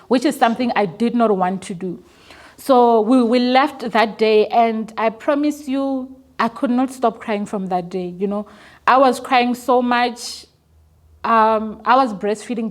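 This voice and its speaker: A young woman telling a painful personal story as an interview guest, earnest and emotional, sometimes stumbling and repeating her words. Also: medium pitch. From South Africa.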